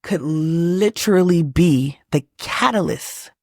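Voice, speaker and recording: A woman from Texas, hosting her own channel and telling a personal story in a lively, emphatic way with many restarts. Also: lowish voice, slow pace, no room sound, clean studio sound. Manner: animated, emphatic, lots of restarts and fillers. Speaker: manifestation channel host.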